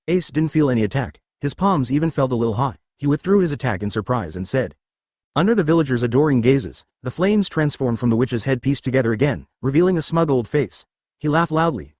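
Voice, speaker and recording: A man's voice: mid-range voice, lively intonation, fast, a little mellow, dry recording, studio quality. A man narrating a fan-fiction story as a synthetic audiobook voice, reading censored words out letter by letter with asterisks.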